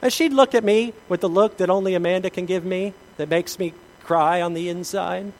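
A man's voice: high voice, normal speed, poor audio. A middle-aged man preaching a sermon as pastor, telling the story with humor and acting out the people in it. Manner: animated storytelling with acted-out voices and humor.

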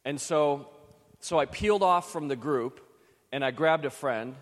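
A man's voice: a little high, measured pace, big-room sound. A man from Western New York preaching a sermon, telling a story in a chatty, self-deprecating way with frequent restarts. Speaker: pastor.

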